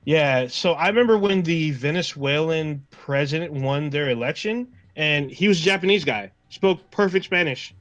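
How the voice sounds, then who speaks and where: A man's voice: fairly high pitch, moderate pace, few pauses, fairly bright tone, no room sound, highs cut off. A man co-hosting a podcast in casual chat. He rambles, swears freely and retells scenes along with his own quoted reactions. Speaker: podcast co-host.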